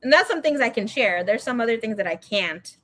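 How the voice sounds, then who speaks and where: Chatty, profane woman with a high voice. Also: expressive, fairly quick, fairly bright tone. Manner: frank, profane, chatty, switches into Spanish phrases. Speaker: tarot reader livestream host. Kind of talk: casual storytelling chat.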